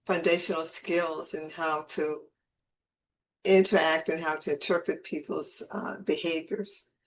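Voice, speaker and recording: A woman's voice: low-pitched, flat delivery, measured pace, fairly bright tone, a little hiss or hum, low-quality recording. Woman host chatting, lots of yeah and mm-hmm, supportive. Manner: affirming, many short agreements, encouraging. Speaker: podcast host. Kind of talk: interview chat.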